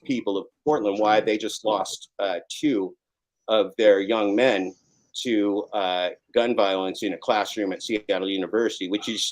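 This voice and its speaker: A man's voice: on the low side, low-quality recording. Intense fifty-something man, swearing freely. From Oregon. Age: 50s. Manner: intense, swearing, rising to shouts. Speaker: interview guest. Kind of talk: live online interview.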